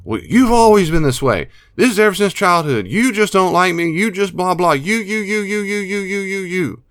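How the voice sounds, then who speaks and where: A man's voice: sits high, lively intonation, normal speed, a bit bright, dry recording, clean studio sound, pitched above the performer's own voice. A man voicing a defensive, whiny addicted sibling with an American accent, lashing out in a petulant, accusing way.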